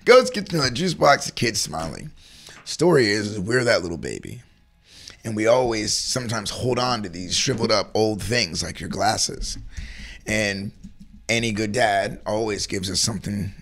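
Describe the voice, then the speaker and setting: A man's voice: medium pitch, lively intonation, moderate pace, vocal fry, a bit bright. A man co-hosting a casual chat, talking earnestly and rambling about faith and feeling good. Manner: earnest, rambling, acts out little voices in stories. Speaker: co-host.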